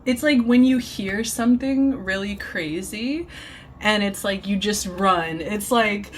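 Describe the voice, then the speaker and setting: Casual tarot reader, woman, unhurried and giggly, filler-heavy rambling. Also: medium pitch, slight background noise. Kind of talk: casual tarot channeling video. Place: at home.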